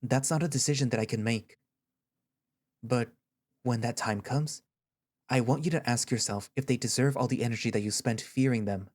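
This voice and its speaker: A man voicing a gentle, patient therapist. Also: mid-range voice, normal speed, close to an everyday voice. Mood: earnest. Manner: soft, reassuring, patient. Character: gentle, caring male therapist. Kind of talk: audio story reading.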